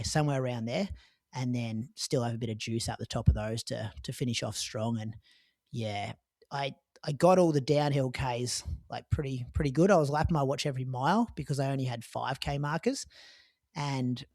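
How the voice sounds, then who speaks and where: A man's voice: medium pitch, a little mellow, no echo, clean studio sound. A man with an Australian accent, chatting on a running podcast and recounting a marathon with loose, filler-heavy storytelling. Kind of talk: casual podcast chat.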